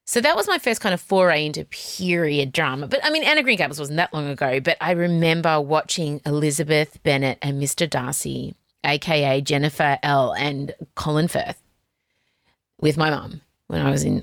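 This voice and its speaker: An Australian woman in her forties hosts a late-night podcast from her home wardrobe. Her voice sits low but swings widely in pitch as she rambles from one tangent to the next. The sound is close and dry, with no room echo. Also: lively intonation, creaky, fairly bright tone. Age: 40s. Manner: scattered, rambling, quick tangents and laughter. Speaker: podcast host. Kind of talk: casual chatty podcast intro. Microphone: home mic on a video call.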